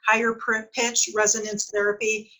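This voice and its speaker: A woman moderating a panel, briskly thanking speakers and reading out audience questions. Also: a little high, flat delivery, pushed and bright, low-quality recording. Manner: brisk, reads questions aloud. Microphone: video call.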